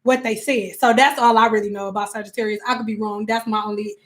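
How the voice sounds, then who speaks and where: A woman hosting a casual livestream as a spiritual coach, telling animated stories full of slang and acted-out quotes. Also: mid-range voice, quick pace. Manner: emphatic repetitions.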